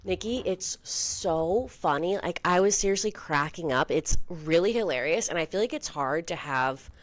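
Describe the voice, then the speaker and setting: A young woman with a low voice co-hosts a casual chat podcast. She talks breezily and fills her sentences with "like". The sound is dry and close, with no room behind it. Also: animated, no room sound. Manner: chatty, heavy use of "like", quick asides. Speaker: podcast co-host.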